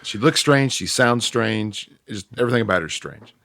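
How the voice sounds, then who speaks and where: Man, very low voice, casual film chat, dry quips, side stories, close dry sound. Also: animated, normal speed, gravelly, fairly bright tone, no room sound.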